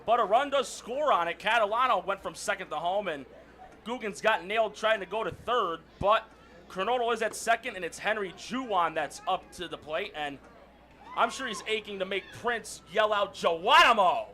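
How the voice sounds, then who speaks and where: A man calling a baseball game play by play, excitable and shouting during big plays. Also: sits high, moderate pace, a little hiss or hum. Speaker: play-by-play announcer.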